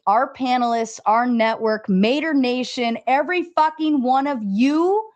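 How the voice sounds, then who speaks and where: Woman livestream host, excitable and foul-mouthed, reads chat aloud with big pitch jumps. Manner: excited, swears freely, pitch jumps when reading chat. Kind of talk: casual livestream talk, reading chat aloud.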